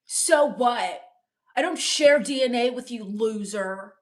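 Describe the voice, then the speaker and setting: A woman playing a sullen, bitter teenage goth girl in live-stream character comedy, mopey, deadpan and scornful as she reads the chat. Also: fairly high pitch, takes it slowly. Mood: sulky.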